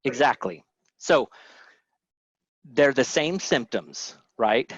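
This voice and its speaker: A man teaches in a relaxed, conversational way, often restarting his sentences and asking his audience questions. The voice is close and dry, and the sound is slightly muffled, like webinar audio. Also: mid-range voice, slow, dry recording. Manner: conversational, many fillers and restarts. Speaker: webinar presenter.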